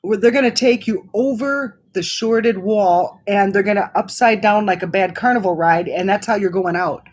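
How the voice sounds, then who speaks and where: Middle-aged woman vlogger, casual storyteller, filler-heavy, average pitch. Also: moderate pace, few pauses, darkish tone. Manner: chatty, many fillers and restarts.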